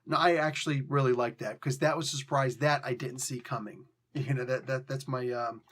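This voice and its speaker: A man's voice: medium pitch, steady tone, brisk, fairly bright tone. A man hosting a casual spoken review, rambling and frank, often correcting himself with a joking edge. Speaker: comic book reviewer and host.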